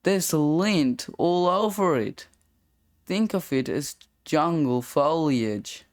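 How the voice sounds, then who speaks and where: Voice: medium pitch, animated, takes it slowly, no room sound, studio quality. A reader doing a cocky wisecracking schoolboy. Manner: wisecracking, flippant. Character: cocky sixth-grade boy, joking troublemaker. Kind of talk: comic strip read-aloud.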